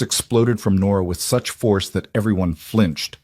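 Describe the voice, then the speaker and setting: A man narrating a dramatic western romance story in a measured voice. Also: low voice, darkish tone, no room sound, studio quality. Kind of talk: scripted audiobook narration.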